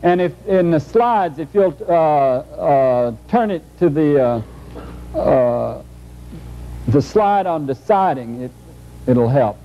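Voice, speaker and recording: A man's voice: a little high, lively intonation, takes it slowly. Folksy man lecturing on old tape. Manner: folksy, humorous. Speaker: speaker. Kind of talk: lecture with storytelling. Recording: muffled old videotape.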